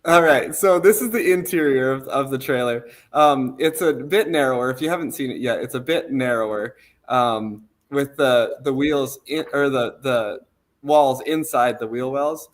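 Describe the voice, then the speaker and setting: A man's voice: mid-range voice, moderate pace. Easygoing rambling man on a call. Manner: easygoing, rambling with many fillers and restarts. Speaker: trailer company representative. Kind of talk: casual walkthrough of photos.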